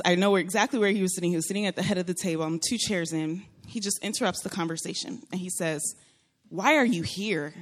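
A young woman telling a personal story in a casual, animated way, laughing often and acting out what people said. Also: lowish voice. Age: young adult. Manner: animated, laughing often, acts out quoted voices.

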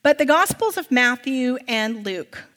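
A woman's voice: high-pitched, animated, measured pace, a bit bright. A woman preacher giving a sermon in a church, reading scripture and breaking into casual, conversational asides. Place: church sanctuary. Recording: long reverb of a large hall.

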